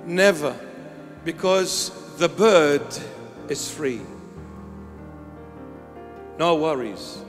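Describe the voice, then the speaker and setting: A man's voice: a little high, lively intonation, extremely slow, long pauses, big-room sound, soft background music. A man preaching a sermon as a bishop, impassioned, with rhythmic repeated phrases that sometimes lift into song.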